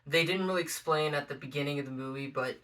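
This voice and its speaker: A sleepy young man yawns through a casual family chat and explains things in a hesitant, rambling way. His voice is bright and sits a little high for a man. He sounds distant from the microphone. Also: quick pace. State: sleepy, yawning. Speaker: older son joining the review. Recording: voice from a distance of the mic.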